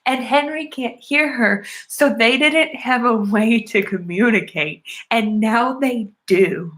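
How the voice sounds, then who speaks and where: A woman's voice: medium pitch, slow, a bit bright. Chatty woman retelling a movie plot. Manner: chatty, lots of "like" and "um" fillers; earnest and enthusiastic about the film. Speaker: movie reviewer.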